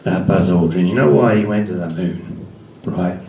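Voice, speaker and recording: A comedian doing a gruff paranoid Cockney man. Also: moderate pace, mellow, slight background noise. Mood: paranoid, rambling. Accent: Cockney, put on. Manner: low, gruff, insistent, repeating "right?". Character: paranoid gruff man impression of a film actor. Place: small comedy venue. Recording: echoey venue, picked up from a distance.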